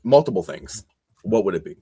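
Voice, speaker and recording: Brief: male host, low-pitched, relaxed questions, easy laugh. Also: a little fast, breathy edge. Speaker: podcast host, interviewer. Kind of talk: casual interview questions.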